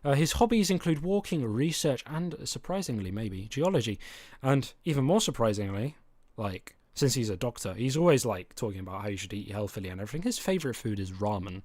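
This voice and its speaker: A man's voice: medium pitch, big pitch swings, fairly quick, a little mellow, no room sound. A man hosting a casual livestream as a series creator, presenting in a chatty, upbeat way. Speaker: series creator and stream host.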